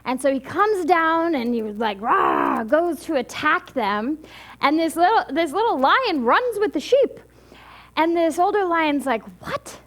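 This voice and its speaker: High-voiced woman preaching chattily. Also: sing-song, a bit bright. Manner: chatty and halting, with many restarts, laughing at herself. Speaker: minister. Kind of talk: sermon with storytelling.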